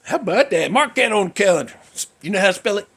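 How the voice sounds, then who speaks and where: A man's voice: sits high, very animated, quick pace, a bit bright, husky. A man hosting a casual music talk show, rambling, mocking himself and losing his place. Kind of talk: casual chat.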